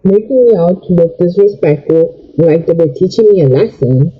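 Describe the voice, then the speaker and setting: A woman's voice: lowish voice, lively intonation, moderate pace, highs cut off. A young woman venting in an upset, rambling way while she does her makeup for a vlog. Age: young adult. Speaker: vlogger. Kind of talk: get-ready-with-me rant while doing makeup.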